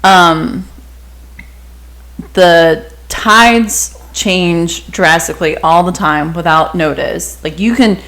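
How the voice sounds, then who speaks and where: A woman co-hosting a casual podcast with a somewhat low voice. She is blunt and teasing and drops a swear word here and there. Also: fairly bright tone. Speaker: podcast co-host. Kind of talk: casual chat.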